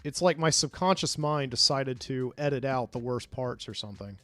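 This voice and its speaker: A man's voice: medium pitch, moderate pace, fairly bright tone, no room sound, faint music behind. A man, a podcast host, casually recounting a dream in a rambling way, full of fillers and restarts.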